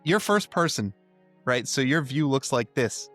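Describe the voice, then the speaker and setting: A man in his thirties co-hosting a gaming podcast, chatting casually with animated, jokey storytelling. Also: medium pitch, unhurried, soft background music. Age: 30s. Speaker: podcast co-host. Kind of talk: casual chat.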